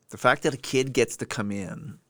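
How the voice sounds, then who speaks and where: A man's voice: medium pitch, a bit bright, no room sound. A man hosting a live stream, talking earnestly and emotionally and answering viewer comments as he goes. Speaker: livestream host. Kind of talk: heartfelt livestream talk.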